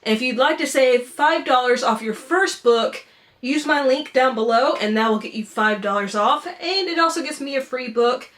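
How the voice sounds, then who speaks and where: A woman's voice: high-pitched, moderate pace, a bit bright. A woman hosting a casual unboxing vlog, chatty and playful, teasing herself as she talks. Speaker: book subscription vlogger.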